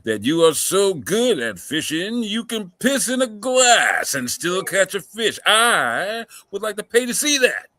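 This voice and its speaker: A man's voice: high-pitched, sing-song, measured pace, few pauses, pushed and bright, dry recording. A man in casual chat, cutting in with playful, mock-formal remarks.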